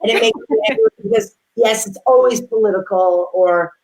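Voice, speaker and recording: Woman chef guest, mid-pitched, animated anecdotes with acted-out quotes, easy conversational delivery. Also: moderate pace, low-quality recording. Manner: lively storyteller who acts out quotes. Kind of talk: casual interview chat.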